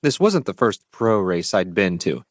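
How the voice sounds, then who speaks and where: A man's voice: low voice, sing-song, moderate pace, no echo, clean studio sound. Man narrating with blunt, profane edge. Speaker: audiobook narrator. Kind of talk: first-person audiobook narration.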